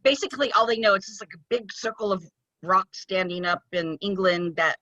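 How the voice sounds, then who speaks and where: A woman from the United States co-hosting a casual podcast, animated and excitable. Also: medium pitch, a little fast, no room sound. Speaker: podcast co-host. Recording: dull, dry close-mic sound.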